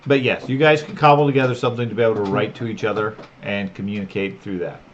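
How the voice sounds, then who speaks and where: Low-voiced man running a tabletop game. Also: fairly even intonation, fast talker, highs cut off, slight background noise. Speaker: game master.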